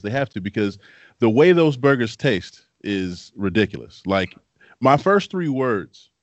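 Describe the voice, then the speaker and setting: A man co-hosting a podcast in casual chat, telling animated stories and laughing often. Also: lowish voice, no echo. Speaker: podcast co-host, former football player. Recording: dry, dull lo-fi sound.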